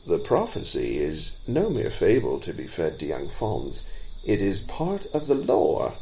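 A fussy old male deer who tells tales to the fawns, stern and quick to scold, put on by a man reading a storybook. He speaks slowly in a mellow, lowered voice. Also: huge pitch swings, vocal fry, exaggerated voice, low-quality recording.

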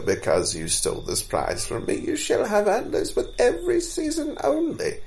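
A man reading as a mighty deer god of the forest, commanding and solemn, his voice swinging widely up and down. The speech comes in slow, measured phrases with a gravelly edge, as in a storybook read aloud. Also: medium pitch, darkish tone, poor audio.

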